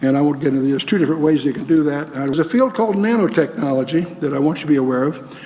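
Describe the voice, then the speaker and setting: A man's voice: fairly high pitch, quick pace, mellow, a little hiss or hum. Older male Bible teacher, ringing hall. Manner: folksy, asks the audience questions, dry asides. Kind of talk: lecture to a live audience.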